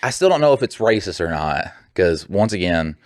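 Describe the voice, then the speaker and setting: A young man co-hosting a casual podcast, rambling and heated, swearing often and mimicking other people in quick bursts. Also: low voice, very animated, dry recording, studio quality. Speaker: podcast co-host.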